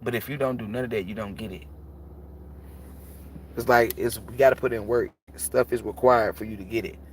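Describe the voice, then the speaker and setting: A man's voice: fairly low pitch, fairly even intonation, brisk, a little hiss or hum. Blunt, profane man preaching on a livestream. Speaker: tarot reader. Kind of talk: casual livestream talk.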